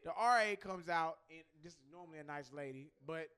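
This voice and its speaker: A young man co-hosting a podcast, telling stories in a profane, animated way with acted-out quotes. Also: on the high side, fairly quick, smooth. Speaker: podcast co-host. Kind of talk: casual storytelling chat.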